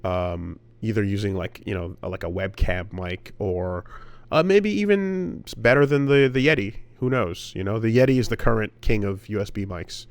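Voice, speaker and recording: A man's voice: fairly low pitch, normal speed, no echo. A man co-hosting a casual podcast, rambling with lots of fillers, restarts and swearing. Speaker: podcast co-host.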